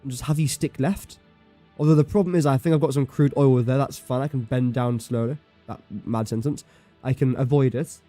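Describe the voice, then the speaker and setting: A man speaks briskly in a steady, dark-toned voice of medium pitch, with faint music in the background. His casual live-stream commentary on a building game has him thinking out loud, counting and calculating under his breath, and poking fun at himself.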